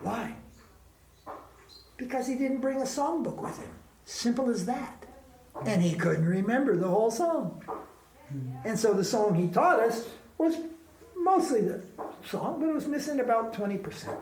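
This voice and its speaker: A man's voice: very high voice, expressive, measured pace, pauses often, darkish tone, slight background noise. A man teaching a spiritual class in an ashram, talking casually and emphatically and asking rhetorical questions. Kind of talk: informal spiritual class talk. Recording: roomy echo.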